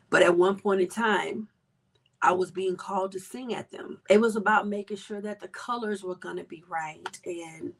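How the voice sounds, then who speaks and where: Slow, breathy woman sharing softly. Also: medium pitch. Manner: earnest, emotional, with soft whispered asides. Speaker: podcast host. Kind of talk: candid personal reflection.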